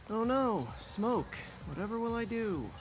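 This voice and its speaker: An actor playing a quippy young superhero who talks in a sarcastic, wisecracking way. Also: male voice, extremely high pitch, heavily acted.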